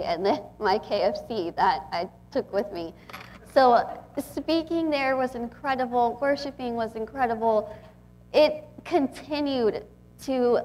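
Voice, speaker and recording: A woman in her twenties from Texas, giving a chatty, emotional inspirational talk to an audience as a guest speaker. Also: fairly high pitch. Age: 20s. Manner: chatty, warm and emotional, with frequent laughs.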